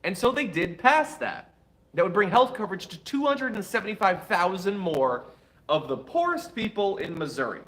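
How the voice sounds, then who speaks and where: A man's voice: high-pitched, expressive, normal speed, fairly bright tone. A man hosting a political commentary show, reading viewer chats with wry asides, and saying he is tired.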